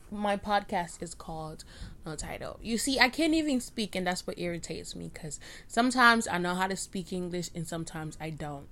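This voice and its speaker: A woman's voice: lowish voice, a bit bright. A young woman hosting a casual solo podcast, rambling and self-deprecating as she restarts her sentences, recorded on a cheap microphone at home. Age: young adult. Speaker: podcast host. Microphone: cheap USB microphone.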